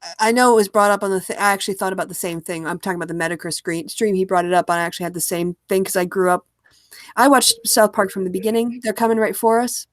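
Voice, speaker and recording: A woman's voice: medium pitch, fast talker, dry recording, clean studio sound. A woman co-hosting a podcast, chatting casually about a video and laughing often. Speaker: podcast co-host. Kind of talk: casual chat reacting to a video.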